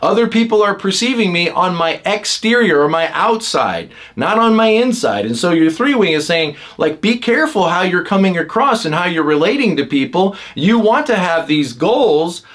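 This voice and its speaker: Man, podcast host, slightly higher voice, casual teaching talk, lots of fillers, acts out quotes. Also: big pitch swings, normal speed, few pauses, fairly bright tone. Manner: conversational, many fillers, acts out other people's lines.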